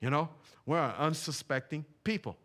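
A man's voice: on the high side, normal speed, fairly bright tone. A man preaching a sermon in a church, talking in a loose, conversational way with slang and repeated phrases. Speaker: pastor. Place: church sanctuary.

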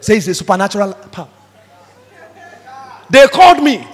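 A man's voice: sits high, big pitch swings, moderate pace, husky. A man preaching a sermon emphatically, acting out the voices he quotes. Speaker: pastor. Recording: reverberant hall.

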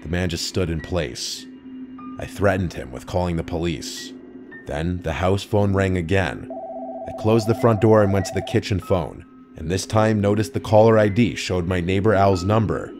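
Deep-voiced man narrating calmly. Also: music in the background. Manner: low, calm, measured storytelling. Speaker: horror story narrator. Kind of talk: scripted narration.

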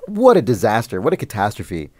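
A man's voice: fairly low pitch, wildly swooping pitch, fairly quick, a little mellow, no echo. A man on a podcast, telling a long, rambling story about a video game in casual chat, often swearing and getting worked up. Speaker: podcast host.

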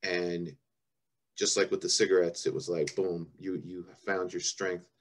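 Very low-voiced man hosting an interview. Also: flat delivery, unhurried. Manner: listening with brief affirmations, then summarizing. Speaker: TV show host and interviewer.

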